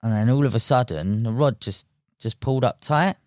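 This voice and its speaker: A young man with a London accent, telling a fishing story as a podcast guest in a relaxed, slangy way, full of "mate" and "like". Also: mid-range voice, normal speed, no echo, studio quality. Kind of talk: casual storytelling.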